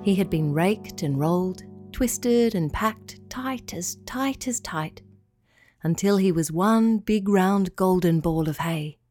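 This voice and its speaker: A woman reading a children's story aloud, in a calm, clear and expressive way. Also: fairly low pitch, slow, no echo, soft background music.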